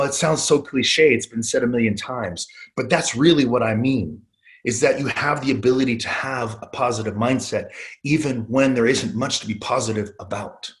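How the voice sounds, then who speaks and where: An earnest man in his forties leading a business training session over a webinar. He tells stories and coaches with plenty of fillers, at a middle pitch. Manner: earnest, storytelling, frequent fillers. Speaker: webinar presenter on phone sales. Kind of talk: motivational business presentation.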